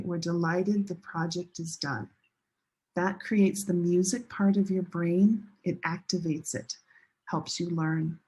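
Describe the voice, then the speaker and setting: A woman teaching English pronunciation to a class, slowly modeling sentence stress and repeating example sentences. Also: on the low side, darkish tone, breathy edge. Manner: slow, drawn-out modeling of sentence stress with repetition. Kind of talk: classroom lesson demonstrating an app.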